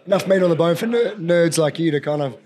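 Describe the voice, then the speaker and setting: A hoarse Australian man with a croaky voice, a mining executive chatting matily as a podcast guest. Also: on the high side, mellow. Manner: quick, matey, says "mate" often. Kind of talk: casual interview.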